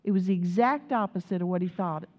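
A woman preacher, giving a sermon full of animated stories, laughter and exclamations. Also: fairly low pitch, fast, lo-fi sound.

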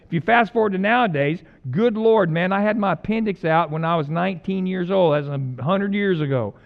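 A man's voice: high-pitched, a little fast, creaky, narrow, tinny audio. A male pastor giving a casual, joking sermon that builds to fervent emphasis. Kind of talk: conversational sermon.

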